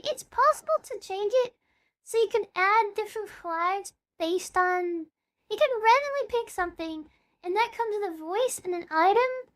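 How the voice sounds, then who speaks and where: A woman's voice: very high-pitched, noisy background. A woman VTuber chatting casually on a live stream, bubbly and talkative, dropping playful meows between sentences.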